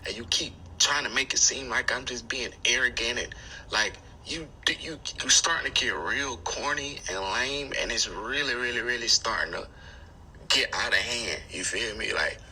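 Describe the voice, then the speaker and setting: A man's voice: mid-range voice, normal speed, pushed and bright, slight background noise, rough recording. A man arguing back defensively in blunt, slangy talk. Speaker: rapper in a feud. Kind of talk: defensive argument.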